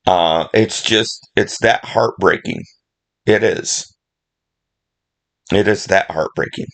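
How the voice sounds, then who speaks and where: A middle-aged man talks casually about favorite films in a very deep voice. He speaks slowly, rambling and emotional, with frequent fillers and restarts. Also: creaky, a bit bright. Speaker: movie vlogger. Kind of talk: casual movie talk.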